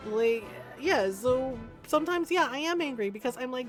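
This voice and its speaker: Woman, 40s, game streamer, casual live chat, blunt and heated, swears a lot, laughs often, quiet music behind. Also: high voice, animated, moderate pace, hardly any pauses.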